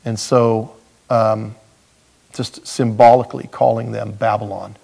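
A man's voice: lowish voice, level tone, measured pace, vocal fry, a little mellow. A man preaching a sermon as pastor in a church, earnest and folksy with touches of humor.

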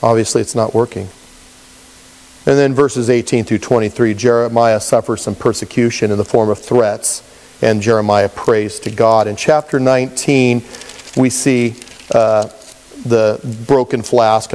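A man preaching a Bible-teaching sermon as a pastor, conversational and animated, acting out quoted voices. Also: mid-range voice, normal speed. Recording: long reverb, as in a large hall.

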